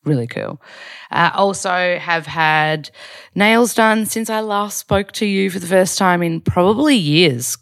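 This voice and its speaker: A woman's voice: fairly low pitch, measured pace, no room sound, clean studio sound. A young Australian woman in casual vlog chat, chatty and rambling with lots of fillers. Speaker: vlogger.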